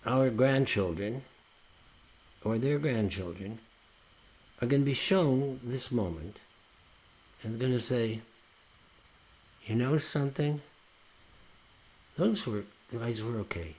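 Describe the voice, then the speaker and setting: A man's voice: mid-range voice, takes it slowly, pauses often, darkish tone. An older man, a folk singer, talking earnestly and rambling, often restarting his sentences. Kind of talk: heartfelt casual chat after a song.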